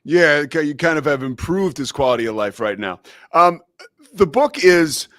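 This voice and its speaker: A male host asks his guest questions in a higher-pitched voice. He stumbles and repeats words but stays enthusiastic. The recording is dry and close. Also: lively intonation, moderate pace, a bit bright, dry recording. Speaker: show host. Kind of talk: casual interview.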